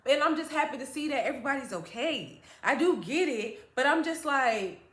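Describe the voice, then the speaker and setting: High-voiced woman telling a story. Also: moderate pace. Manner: animated, slangy, addresses viewers directly. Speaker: vlogger. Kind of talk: casual storytime. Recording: roomy echo.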